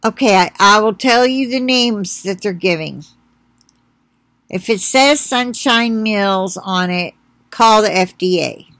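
A woman's voice: medium pitch, fairly bright tone, no echo. A woman in a casual home vlog, chatting and then reading a long recall list aloud. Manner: chatty, talks to her dog, reads slowly.

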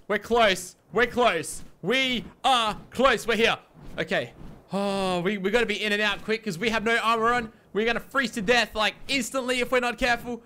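A young male gaming YouTuber gives let's-play commentary on his survival game, sounding panicked and exasperated and repeating himself. His voice is high, pushed, and bright, at a normal speed.

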